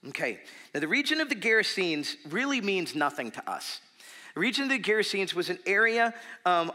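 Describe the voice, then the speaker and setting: A man in his thirties preaching a sermon in a church, telling a story with lively fillers and turning softer and earnest. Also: sits high. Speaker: pastor.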